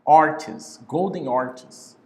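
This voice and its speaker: A man's voice: fairly high pitch, extremely slow, darkish tone, echoey room. A man teaching an online English class over a video call, patiently repeating key words.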